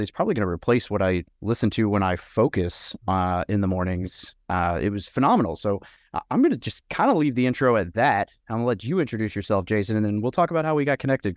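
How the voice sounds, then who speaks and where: A man's voice: lowish voice, very animated, fairly quick, no echo, studio quality. A man hosting a podcast, introducing his guest in an eager, informal, conversational way. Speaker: podcast host.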